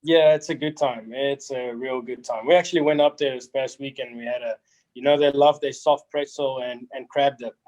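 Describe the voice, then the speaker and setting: A young man, answering interview questions in an easygoing, halting way. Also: mid-range voice, fairly even intonation, darkish tone, rough recording. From South Africa. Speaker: rugby player guest.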